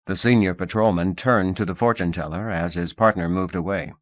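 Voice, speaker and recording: Low-voiced man reading a novel. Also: dry recording, dull audio. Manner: steady, measured reading. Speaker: audiobook narrator. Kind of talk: scripted narration.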